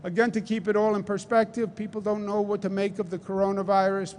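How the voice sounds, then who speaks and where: A middle-aged man from New York with a Queens accent, giving a deliberate, emphatic press briefing and repeating his points. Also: high voice, fairly even intonation, a little hiss or hum. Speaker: governor. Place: large convention center hall.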